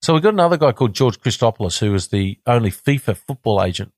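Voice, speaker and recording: A man's voice: medium pitch, fast, no room sound, clean studio sound. Chatty Australian man telling stories. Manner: animated, repeats words and restarts. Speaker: guest, former cricketer. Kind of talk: casual storytelling.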